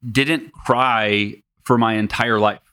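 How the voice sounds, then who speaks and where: A man in his forties, a podcast guest, telling candid personal stories in an animated, self-mocking way. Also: fairly low pitch, takes it slowly, clear, resonant tone.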